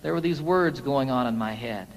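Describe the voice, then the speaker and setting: A man's voice: mid-range voice, normal speed, big-room sound, low-quality recording. A man, a singer-songwriter, telling a story to his audience between songs in a folksy, chatty way.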